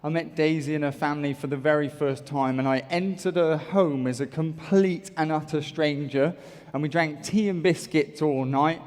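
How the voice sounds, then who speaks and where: A man from the UK giving an energetic, jokey motivational talk on stage, bantering with a large audience. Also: a little high, normal speed. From United Kingdom. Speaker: motivational speaker. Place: large auditorium. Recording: echoey large hall.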